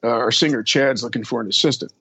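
A man's voice: medium pitch, quick pace, gravelly, pushed and bright, husky, dry recording. A man, a drum tech, telling rambling, profane stories in a casual interview and acting out the people he quotes. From Texas.

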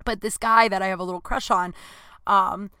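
A woman's voice: mid-range voice, steady tone, normal speed, bright, forceful tone, smooth, no echo. A woman in her late thirties rambles through a casual confessional monologue, nervous and flustered, dropping swear words as she goes. Her voice sits in a middle range and sounds close and dry, with no room around it.

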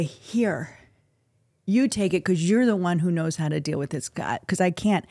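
A middle-aged woman from the United States, a guest on a podcast, telling a personal story in an earnest, halting, emotional way. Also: fairly low pitch, darkish tone, no room sound, studio quality. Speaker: interview guest. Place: podcast recording.

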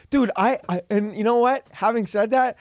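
A young man hosting a podcast, loud and excitable, swearing often in casual banter. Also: sits high, normal speed, no echo, clean studio sound. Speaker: comedian and podcast host.

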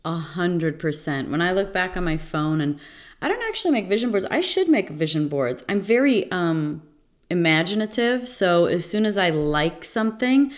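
A woman's voice: fairly low pitch, lively intonation, moderate pace. A woman interviewing a guest in a casual conversation, reflective and rambling, with many fillers.

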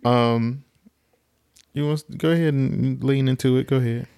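A man's voice: medium pitch, unhurried, gravelly, a little mellow, clean tone. A man co-hosting a podcast in casual chat, playful and exclaiming, laughing often. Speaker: podcast co-host.

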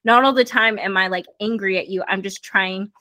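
A young adult woman co-hosting a casual podcast chat, animated and quick, her voice rising when she feels passionate. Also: medium pitch, dry recording. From Puerto Rican and Mexican heritage. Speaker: podcast co-host.

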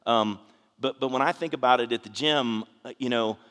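A man's voice: mid-range voice, moderate pace, a bit bright. A male pastor preaching in a church sanctuary, in a mid-range voice that trails off into a long reverb. His sermon is conversational and earnest, full of restarts and asides to the congregation. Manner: earnest storytelling, frequent restarts and "you know".

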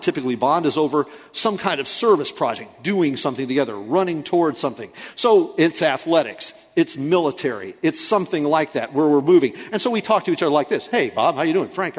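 A man's voice: high voice, in a large hall. A man preaching a sermon as pastor, conversational and lightly humorous. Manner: conversational preaching with playful asides.

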